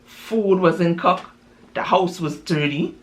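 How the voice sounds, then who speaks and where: A woman's voice: fairly low pitch, takes it slowly. A woman voicing a brash, boastful young man, cocky and dismissive.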